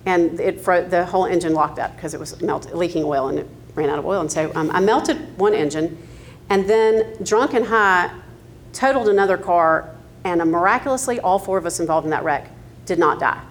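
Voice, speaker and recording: A woman's voice: fairly low pitch, moderate pace, slight background noise. Candid Southern woman in her fifties. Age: 50s. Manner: candid storytelling with frequent ums and laughs. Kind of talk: personal testimony.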